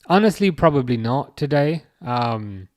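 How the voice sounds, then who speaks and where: A man's voice: mid-range voice, lively intonation, unhurried, a little mellow, no echo, clean studio sound. Man hosting a chat stream. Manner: hesitant, lots of fillers and restarts. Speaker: livestream host. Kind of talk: casual chat reading viewer comments.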